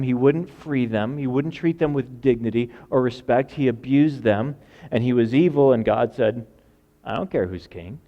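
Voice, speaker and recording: A man delivers a sermon as a pastor, voice pitched in the middle range. He swings between loud, raised outbursts and quiet, hushed lines, sometimes acting out the voices he quotes. The recording is a little dull and lo-fi.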